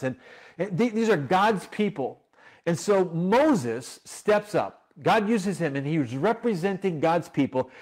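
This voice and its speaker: A man's voice: fairly high pitch, a little mellow. A male pastor preaching a sermon, telling a story with animation and acting out its characters.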